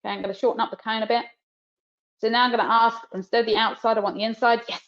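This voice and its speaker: A woman's voice: on the high side, little pitch movement, rapid-fire. Woman dog trainer with a New Zealand accent. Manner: explains while cueing the dog, soft praise. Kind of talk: live training demonstration. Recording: dull lo-fi webinar audio.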